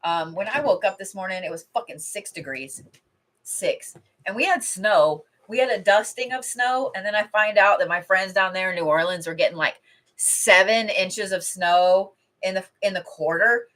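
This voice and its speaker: A woman's voice: mid-range voice, normal speed, a bit bright. A middle-aged woman chatting casually on a livestream from home, rambling and swearing freely as she reads cards. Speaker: intuitive card reader. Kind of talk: casual livestream chat with card reading.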